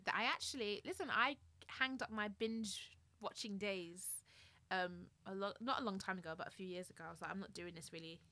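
Young woman, podcast co-host, casual chat, bright forceful tone, animated, acts out reactions. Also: mid-range voice, normal speed, dry recording. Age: 20s. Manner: animated, acts out her own reactions, laughs often.

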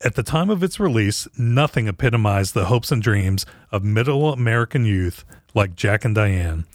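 Low-voiced man hosting a podcast. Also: expressive, moderate pace, no room sound, studio quality. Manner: reads a scripted intro, then chats casually. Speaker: podcast host. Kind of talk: casual podcast chat.

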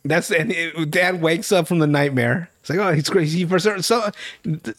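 A man in a loose podcast chat recaps a raunchy episode, slipping into the characters' lines as he goes. His voice sits a little higher than most men's and is recorded close and dry. He keeps breaking into laughter and swears freely. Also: normal speed, a bit bright, no room sound. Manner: laughing storyteller, acts out lines, heavy swearing. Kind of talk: casual profane recap chat.

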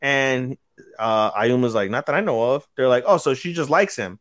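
Recorded dry with clean studio sound, this man co-hosts a podcast, chatting casually through an anime episode recap in a slightly bright, medium-pitched voice at normal speed. He performs characters' lines with abrupt jumps in his voice.

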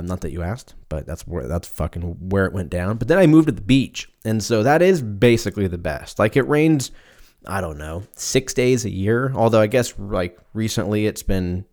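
A young man in his twenties with a fairly low voice hosts his own podcast alone. He rambles from topic to topic, cracks jokes and swears casually. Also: darkish tone. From Southern California. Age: 20s. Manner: rambling, joking, swears freely. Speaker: podcast host. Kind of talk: casual solo podcast chat.

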